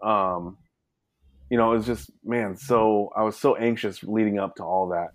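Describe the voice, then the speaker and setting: A man's voice: on the low side, normal speed, no room sound. Rambling man, dry close sound. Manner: rambling, many fillers, animated retelling. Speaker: guest, son. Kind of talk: casual storytelling interview.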